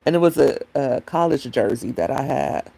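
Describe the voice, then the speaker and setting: A woman's voice: rumbling low, very animated, moderate pace, creaky, warm tone. A woman hosting a casual livestream on her phone, chatting and rambling to her viewers and answering the chat. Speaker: livestream host.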